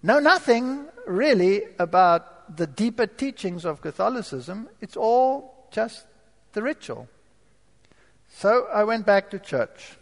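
A man giving a dramatic testimony to an audience, moving from quiet asides to forceful outbursts. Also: high-pitched, very animated, slow, long reverb tail. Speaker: former professor giving a testimony.

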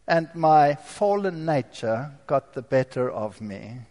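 A man giving his testimony as a sermon, telling stories in an animated way and putting rhetorical questions to the audience. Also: on the high side, takes it slowly, in a large hall. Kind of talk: storytelling sermon.

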